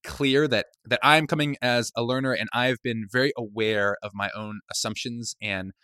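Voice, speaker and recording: Earnest man hosting a podcast, bright voice. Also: medium pitch, steady tone, moderate pace, clean tone, no room sound, clean studio sound. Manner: earnest, searching, with frequent hedges and fillers. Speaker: podcast host. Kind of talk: reflective podcast talk.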